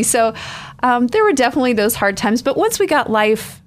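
A woman's voice: a little high, big pitch swings, brisk. A woman, a missionary guest on an interview show, telling stories in a chatty way and laughing easily. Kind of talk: casual storytelling interview.

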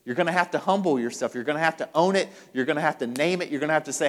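A man's voice: on the high side, rapid-fire, few pauses, in a large hall. A man preaching a sermon as a pastor, emphatic, repeating his phrases for weight.

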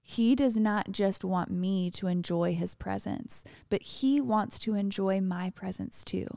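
A woman co-hosting a faith podcast, calmly reading a devotional passage aloud. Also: medium pitch, measured pace, vocal fry, no room sound, studio quality. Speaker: podcast co-host.

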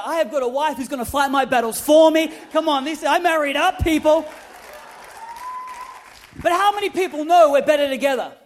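A young man, a pastor, telling a funny personal story in his sermon, animated and humorous with loud emphatic peaks. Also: very high-pitched. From Australia.

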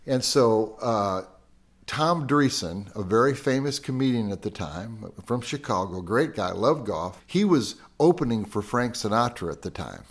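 Older American guest, lively storyteller. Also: male voice, on the low side, measured pace, slightly rough. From United States. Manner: lively storyteller who quotes people in raised voices. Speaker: podcast guest. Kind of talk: casual storytelling chat.

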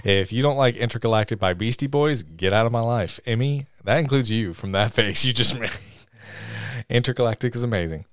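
A man's voice: mid-range voice, fairly quick, a bit bright, clean tone, no echo. A man co-hosting a podcast in rambling, jokey casual chat. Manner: rambling, jokey, sings snatches. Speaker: podcast co-host.

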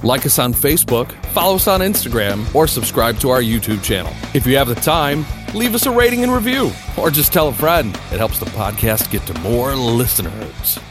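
A man's voice: medium pitch, sing-song, moderate pace, hardly any pauses, music in the background. A man reading a promo for the podcast in a playful, sing-song way.

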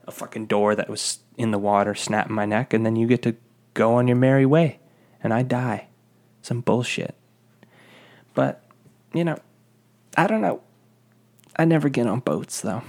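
A young man ranting casually, telling a profane, rambling, exasperated story about a fast-food job. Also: lowish voice.

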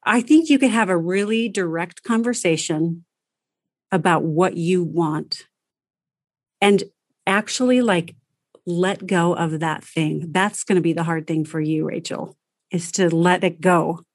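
A woman coaching a parent through everyday problems, speaking in a direct, practical and lively way. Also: on the low side, a little slow, no room sound, studio quality. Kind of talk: coaching conversation.

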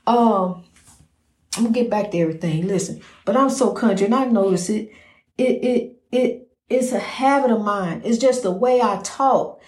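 A woman hosts her own podcast, giving faith-based encouragement in a folksy, rambling style full of "you know." Her mid-range voice is slightly mellow at normal speed, and the sound is roomy.

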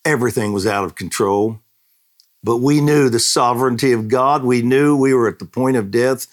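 A man pastor reading a family's testimony aloud in a daily prayer broadcast, his voice climbing high and loud on the quoted cries. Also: moderate pace.

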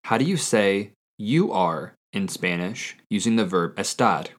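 Low-voiced man hosting a language quiz. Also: animated. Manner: slow, careful repetition of answers. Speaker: language podcast host. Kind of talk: scripted language lesson quiz.

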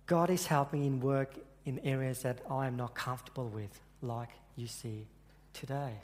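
Recorded in a reverberant hall, a man preaches an earnest sermon built around a story from his own life. His mid-range voice holds a steady tone, though his delivery halts as he repeatedly restarts his sentences.

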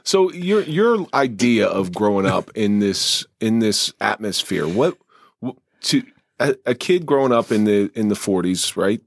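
A male podcast host asks his guest probing follow-up questions. His low, husky voice swings up and down as he talks, recorded dry and close. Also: very animated, a little slow, no room sound. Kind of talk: interviewing.

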